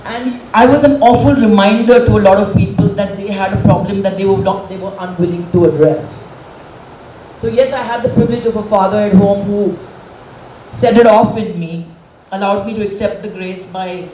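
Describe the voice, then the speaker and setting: A woman's voice: mid-range voice, dark tone, a little hiss or hum. A middle-aged woman gives a candid, emotional public speech as a guest speaker on a dais. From India. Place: event hall, on a dais. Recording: roomy hall from far off.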